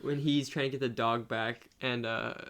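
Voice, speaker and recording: Young man, podcast co-host, relaxed rambling talk, lots of fillers, medium pitch. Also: normal speed. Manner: relaxed, many fillers like "like", quotes lines in raised voice. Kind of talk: casual film discussion.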